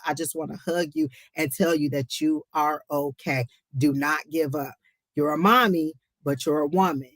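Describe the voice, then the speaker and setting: A woman giving a live psychic reading, emotional and close to tears, warmly encouraging the viewer and calling her honey. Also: low-pitched, fairly even intonation, moderate pace, no room sound. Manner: talks to the chat as y'all. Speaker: psychic reader on a live stream.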